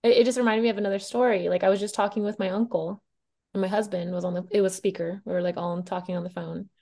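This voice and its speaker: A woman's voice: medium pitch, steady tone, fast talker, mellow. A woman speaking as a teacher guest in a casual podcast chat. She is chatty, laughs often and uses many fillers.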